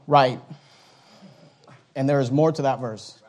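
A man in his thirties preaching a sermon as a pastor, swinging between forceful scripture reading and quiet asides. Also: mid-range voice, slow. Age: 30s.

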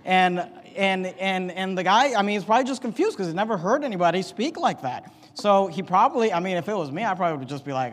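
High-voiced man teaching in an echoing hall. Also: animated, quick pace, hardly any pauses. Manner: storytelling, acts out voices, many restarts. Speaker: Bible teacher. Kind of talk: Bible story lesson. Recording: echoey hall reverb.

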